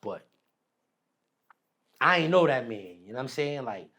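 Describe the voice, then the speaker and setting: New guy, slangy street talk, telling his story all animated, middle pitch. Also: unhurried. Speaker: podcast guest. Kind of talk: casual storytelling.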